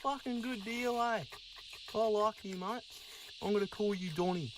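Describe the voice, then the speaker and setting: A man's voice: high voice, moderate pace, noisy background, close to an everyday voice. A man playing Sassy, a cheeky Aussie Sasquatch. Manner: swearing, matey and pushy. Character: friendly eager young male Sasquatch, crude and chatty. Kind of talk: voicing characters over gameplay.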